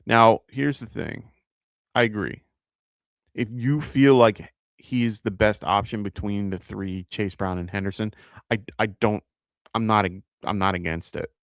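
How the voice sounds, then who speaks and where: A man's voice: on the low side, measured pace, a bit bright, no echo, clean studio sound. A man with a New York accent hosting a live fantasy football show, thinking aloud with lots of fillers and self-corrections. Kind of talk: casual live-stream advice.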